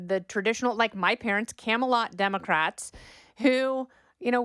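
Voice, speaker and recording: A woman's voice: mid-range voice, clean tone, no room sound, studio quality. A middle-aged woman hosting a political podcast, giving opinionated commentary with a sarcastic edge and mocking impressions of talking points. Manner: sarcastic, mocks quoted talking points in exaggerated voices. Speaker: podcast host.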